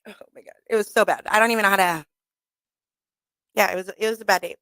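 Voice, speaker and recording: A woman hosting a radio talk show tells a candid story bluntly, profanely and with animation, acting out the voices of people she quotes. Her mid-range voice moves at a quick pace, picked up by a studio microphone with no echo.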